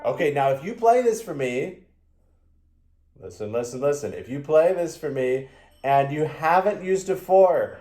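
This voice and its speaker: A man's voice: mid-range voice, lively intonation, moderate pace, warm tone. A man teaching a violin lesson, patiently counting beats aloud in a sing-song way. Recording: echoey room with violin playing.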